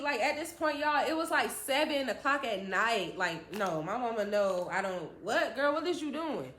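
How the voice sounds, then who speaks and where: A woman vlogger telling a story in a casual, animated, slangy way, talking straight to her viewers. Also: a little high, measured pace, hardly any pauses, echoey room.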